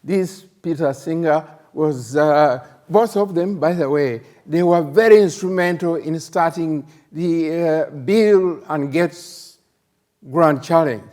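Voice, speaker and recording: A man's voice: fairly high pitch, darkish tone. Older man hosting a conference plenary. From Uganda. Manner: halting, many fillers and restarts; emphatic rhetorical questions. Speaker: plenary host, professor.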